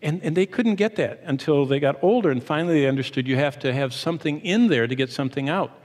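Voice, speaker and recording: A middle-aged man preaching a sermon as pastor, animated, shifting his pace and emphasis as he teaches. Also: fairly high pitch, fast. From Michigan, USA. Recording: long hall reverb.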